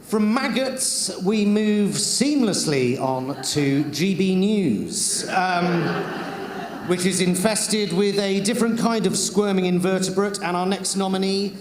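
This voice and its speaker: A man's voice: high-pitched, expressive, slow pace, echoey room, in a large hall. A man hosting a comedy awards show, sarcastic and chuckling between his lines. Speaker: awards host.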